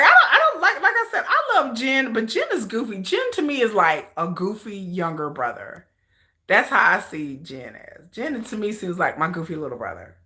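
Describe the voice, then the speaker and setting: A woman hosting a livestream in casual chat, animated and slangy, often laughing as she talks. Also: mid-range voice. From United States. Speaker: livestream host.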